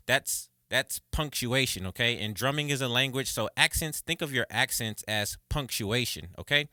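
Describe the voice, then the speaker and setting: A man teaching drums in a casual video lesson, counting beats and calling stickings loudly, then chatting expressively. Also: mid-range voice, normal speed, no room sound, clean studio sound. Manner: chatty, expressive, says okay and right often. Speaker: drum teacher.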